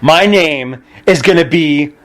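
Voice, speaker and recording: A man in his forties tells stories as a podcast guest, lively and often laughing. He acts out other people's lines in a raised voice. His voice sits slightly high. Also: slow, very noisy. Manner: animated, laughing, acts out quotes in a higher voice. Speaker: podcast guest, pro wrestler. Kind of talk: casual storytelling chat.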